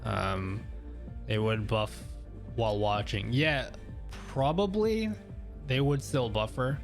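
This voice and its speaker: A man's voice: medium pitch, slow, vocal fry. A man streaming live, chatting casually with viewers in an easygoing, rambling way and laughing often. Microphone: studio mic through audio mixer. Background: faint background music.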